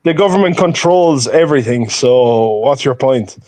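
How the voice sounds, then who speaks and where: A man's voice: mid-range voice, expressive, normal speed, a little mellow, dry recording. A British man caller in a heated live-stream debate who taunts and repeats his questions over and over.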